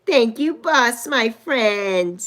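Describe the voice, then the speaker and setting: This is a woman in her sixties hosting a casual livestream, her voice high and bright. She is unhurried and gushes with excitement, her pitch leaping around as she greets viewers one by one. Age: 60s. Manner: effusive, greets viewers by name with squeals of delight. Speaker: livestream host.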